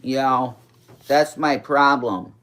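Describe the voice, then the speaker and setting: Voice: medium pitch, takes it slowly, fairly bright tone. A speaker in their forties with a New York accent and a slight speech impediment, chatting casually on a livestream in a rambling, profane way that sometimes turns childlike. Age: 40s. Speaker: drag performer livestreaming.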